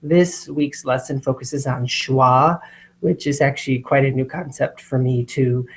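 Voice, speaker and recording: A woman teacher explaining spelling lists, sounding out words slowly and carefully. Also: a bass voice, fairly even intonation. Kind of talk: instructional explanation.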